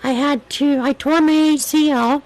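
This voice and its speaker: A woman's voice: sits high, steady tone, normal speed, darkish tone, poor audio. A woman hosting a livestream in casual chat, with a weak voice that is hard to project, telling a story in a chatty, rambling way. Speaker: livestream host.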